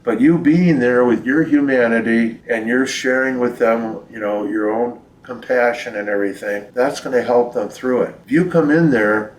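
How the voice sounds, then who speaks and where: A man's voice: mid-range voice, moderate pace, few pauses. An older man, a priest, telling reflective stories in a folksy way during an interview at his home. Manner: reflective, folksy storyteller, quotes people in lively voices. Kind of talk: storytelling in a recorded interview. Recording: roomy, distant from the mic.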